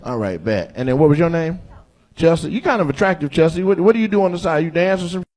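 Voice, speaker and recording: A man's voice: a little high, expressive, quick pace, a little hiss or hum. A man doing stand-up crowd work on a club stage, teasing audience members in loose, slangy banter. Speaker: stand-up comedian. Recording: live club recording, loud crowd laughter.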